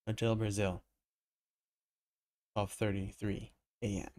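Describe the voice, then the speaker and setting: A man's voice: fairly even intonation, moderate pace, darkish tone. A man reading a comic book aloud live, with casual asides between panels. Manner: reads aloud, voicing characters with raised pitch.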